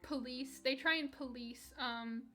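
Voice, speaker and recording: A woman's voice: high-pitched, fairly even intonation, a little slow, sharp tone, faint music behind. A young woman streaming and chatting candidly with her live chat, rambling with restarts and light laughs. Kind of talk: casual chat reading live chat while gaming.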